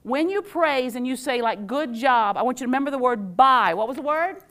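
A woman teacher gives an animated workshop talk, quizzing her audience and acting out phrases. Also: high voice, fairly quick. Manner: animated, quizzes the audience with call-and-response questions; acts out quoted phrases in playful voices. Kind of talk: live interactive workshop talk.

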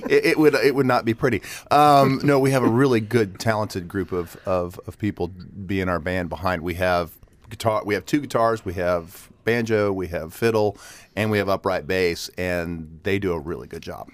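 A man's voice: sits low, fairly even intonation, moderate pace. A man, an actor in a stage production, talking enthusiastically in a radio interview and repeating words often.

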